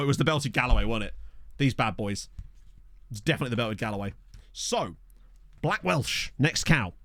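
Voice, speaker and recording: Streaming a football management game through a studio USB mic, this young man jokes around and comments live on the action. His voice sits in the mid range, with no room sound at all.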